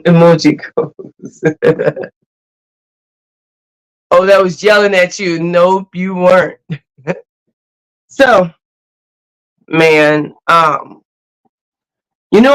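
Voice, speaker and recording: A host chatting casually on a livestream, greeting viewers and telling stories in an animated, laughing way. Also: medium pitch, low-quality recording. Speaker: cruise channel host.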